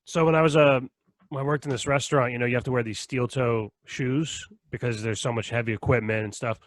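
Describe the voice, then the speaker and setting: A man's voice: mid-range voice, fairly quick, no echo. A man hosting a casual podcast chat, laughing often as he reads out would-you-rather questions. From Irish family background. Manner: laughs often, relaxed and joking. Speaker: podcast host.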